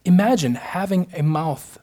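A man's voice: high voice, unhurried, mellow. A married man preaching a sermon, emphatic and building to fervent repeated phrases. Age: adult, married. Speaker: pastor.

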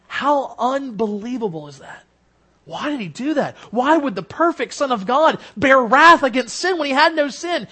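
A man preaching a sermon in an earnest way, rising for emphasis and dropping to soft, low endings. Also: expressive, moderate pace, breathy edge. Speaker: pastor.

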